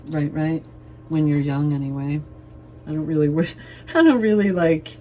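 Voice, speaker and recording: Woman, tarot reader, low mellow voice, casual and playful, swears freely. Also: a little hiss or hum. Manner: chatty and loose, swears playfully, laughs often. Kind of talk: casual tarot reading to camera.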